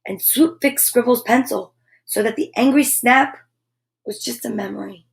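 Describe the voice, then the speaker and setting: A woman reading a picture book aloud to children, expressive, with exclaimed asides. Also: a little high, moderate pace, creaky. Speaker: children's storyteller.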